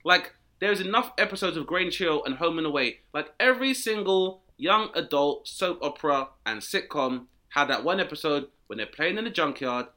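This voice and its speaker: A man tells comic stories with lots of swearing. His bright, tense voice leaps around as he slips into other characters. The delivery is loud and animated. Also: moderate pace, hardly any pauses. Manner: acts out characters with big pitch jumps and swearing. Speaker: comedian guest.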